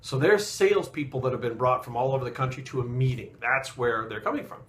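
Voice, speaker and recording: A man's voice: mid-range voice, fast talker, a bit bright. A man telling a story in casual talk, blunt and profane, getting heated as he goes. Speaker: fitness coach and bodybuilder.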